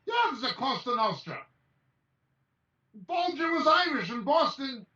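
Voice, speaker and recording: A man speaks as a Bible teacher in an emphatic, high-pitched voice and reels off names in quick lists. He sounds far from the mic on a video call. The audio is dull and roomy. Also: very animated, sharp tone. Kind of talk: impassioned message over a video call.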